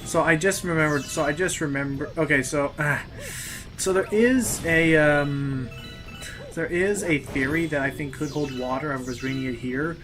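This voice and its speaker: A man co-commentating on a game, explaining fan theories with frequent restarts. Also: a little high. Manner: halting, restarts often while explaining theories. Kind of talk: casual gameplay commentary. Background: game music.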